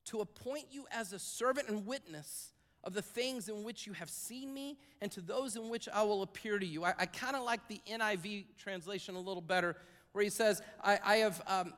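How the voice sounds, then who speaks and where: A man's voice: high-pitched, a bit bright, big-room sound. A man preaching a sermon to a church congregation, in a conversational style with asides and repeated phrases. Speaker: pastor. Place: church sanctuary.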